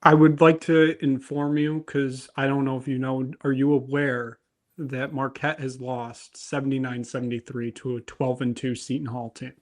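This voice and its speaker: A man's voice: mid-range voice, flat delivery, moderate pace. A young man hosting a casual sports betting show, chatty and tripping over his words. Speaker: host.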